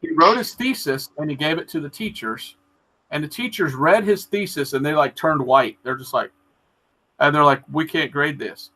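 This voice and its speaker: A man in casual chat, telling a story in an earnest, animated way. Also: fairly high pitch, moderate pace, low-quality recording. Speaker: storyteller in a live video chat.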